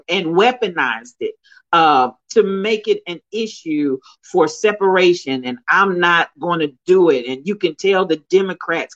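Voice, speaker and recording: Brief: high-voiced middle-aged woman hosting a phone livestream, preachy and exclaiming, muffled phone sound. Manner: preachy and animated, calling out and exclaiming. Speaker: livestream host. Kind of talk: casual live-stream commentary. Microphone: phone propped up.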